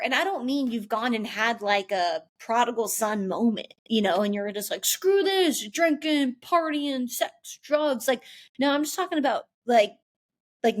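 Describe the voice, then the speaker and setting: A young woman hosting a casual faith-based podcast, chatty and animated, with many "like" fillers. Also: fairly high pitch. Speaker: podcast host.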